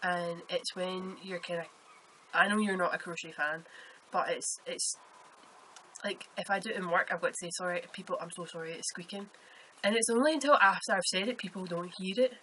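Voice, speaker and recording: A Scottish-accented woman hosts a casual podcast, talking in a fairly low yet bright, forceful voice. She rambles happily through her stories. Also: brisk, slight background noise, rough recording. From Scotland. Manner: chatty rambling storyteller. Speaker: podcast host. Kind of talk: casual chat.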